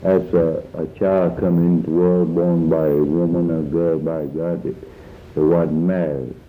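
An older man answering interview questions in a halting way, often searching for words. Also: sits low, little pitch movement, mellow, faint music behind, low-quality recording.

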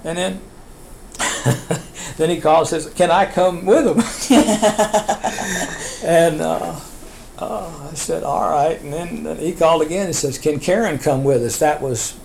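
Older man, slightly raised pitch, gravelly, rambling family storyteller; faint hiss under the recording. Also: slow pace, a little mellow, poor audio. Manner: rambling, chuckling storyteller with restarts. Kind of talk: oral history storytelling.

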